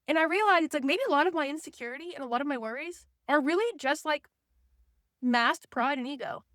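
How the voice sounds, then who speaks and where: Young woman vlogger, high voice, candid ranting chat, lots of "like", dry close sound. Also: brisk, a bit bright, no echo. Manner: candid, ranting, swings into mocking quoted voices; says "like" often. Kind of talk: casual chat.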